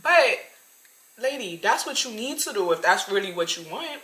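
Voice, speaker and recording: Animated young woman telling a story. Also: mid-range voice, moderate pace, reverberant, rough recording. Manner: animated, slangy, talks straight to viewers. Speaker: vlogger. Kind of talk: casual storytime vlog.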